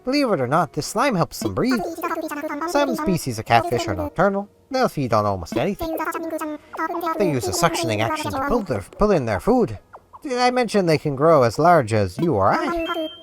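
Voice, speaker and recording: A man voicing a pompous old male owl curator with a put-on Irish accent, formal and fussy, with soft game music behind. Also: high voice, wildly swooping pitch, moderate pace, voice pushed up. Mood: grandly polite.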